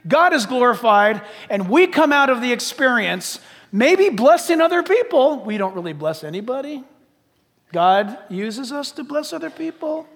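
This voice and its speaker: A man's voice: extremely high pitch, sing-song, normal speed, fairly bright tone, long reverb tail. A man preaching a sermon in a large church, emphatic, firing rhetorical questions and often breaking in with "listen". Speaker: pastor.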